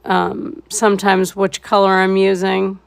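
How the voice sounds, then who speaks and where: A woman talking through a live painting tutorial in a laid-back way and thinking aloud as she goes. Her voice has a gravelly fry, and she speaks slowly and unhurriedly. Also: medium pitch, monotone. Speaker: painting instructor.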